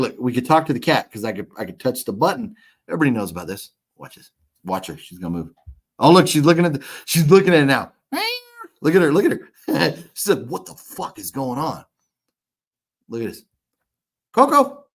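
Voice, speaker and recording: A man in his fifties hosting a casual livestream, rambling and swearing as he reads chat comments. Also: medium pitch. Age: 50s. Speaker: livestream host. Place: hotel room.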